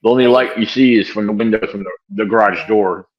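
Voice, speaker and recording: A man's voice: on the low side, brisk, highs cut off. An older man, a researcher guest, answering interview questions casually from a room at home, rambling with many fillers and restarts over a video call. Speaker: wildlife and bigfoot researcher guest.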